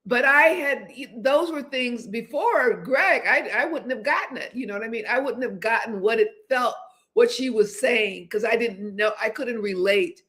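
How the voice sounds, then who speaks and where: An older woman in her seventies chats casually on her livestream, her voice sitting a bit high. She rambles along, often restarting and hesitating before she finds her words. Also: normal speed, fairly bright tone. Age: 70s. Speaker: host.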